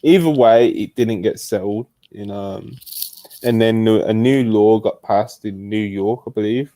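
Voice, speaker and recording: British male podcast host, relaxed and casual, dry close sound from a remote call. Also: on the low side, measured pace, no room sound. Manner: laid-back, peppers talk with "bro" and "man". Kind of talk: casual chat. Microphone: remote streaming call.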